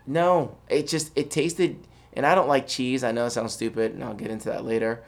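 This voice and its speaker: A man's voice: medium pitch, fairly even intonation, fairly quick. A man co-hosting a podcast in casual chat, blunt and opinionated with a joking edge. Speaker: podcast co-host.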